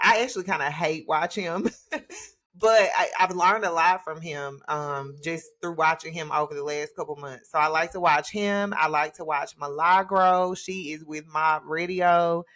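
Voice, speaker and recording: A woman hosting her own livestream from home, talking in a relaxed, chatty way and laughing often. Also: deep voice. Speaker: livestream host. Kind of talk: casual livestream chat. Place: home with children.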